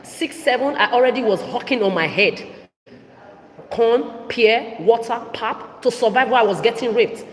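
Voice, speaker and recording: A young woman records a heated video update on her phone, talking in a confrontational, repetitive way that rises into outbursts. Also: fairly high pitch. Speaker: vlogger. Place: indoor public hall with shops on each side. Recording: echoey big indoor hall.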